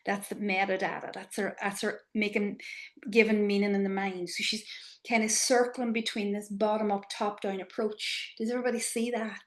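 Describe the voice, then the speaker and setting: A woman teaching an online class on body awareness, asking the group probing questions and sometimes dropping to a soft whisper. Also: medium pitch. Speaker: embodiment trainer.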